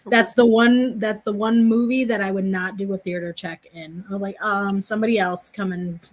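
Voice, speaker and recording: A woman guesting on a casual podcast, chatty and quick to laugh. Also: medium pitch, flat delivery, no echo.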